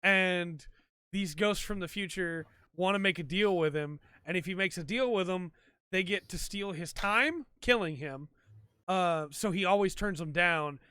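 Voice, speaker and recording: Speaking into a desk stream mic, a male podcast host rambles through a casual solo chat full of ums and likes. His voice sits high and moves at normal speed, bright, forceful, clear, and resonant, in a dry, clean studio recording.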